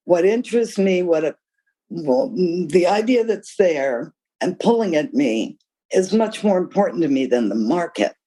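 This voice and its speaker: A woman's voice: lowish voice, normal speed, low-quality recording. An older woman answering interview questions, candid and emphatic, telling stories from her career. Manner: candid, emphatic, with lively storytelling. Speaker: guest author.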